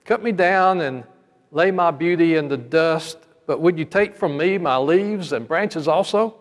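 A man voicing a gentle, devoted male bamboo plant that pleads with his master, in a sermon story. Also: fairly high pitch, unhurried, close to an everyday voice. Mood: pleading. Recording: long hall reverb.

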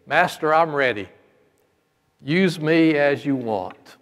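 A man voicing a gentle, devoted male bamboo plant that pleads with his master, in a sermon story. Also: on the high side, animated, slow. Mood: surrendering. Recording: long hall reverb.

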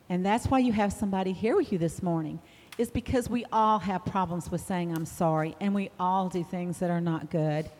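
A woman gently leading a children's sermon, explaining ideas in simple words. Her voice is mellow and dark-toned, and it rings with the long reverb of a large sanctuary. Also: medium pitch. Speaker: children's message leader. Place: church sanctuary. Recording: echoey church hall.

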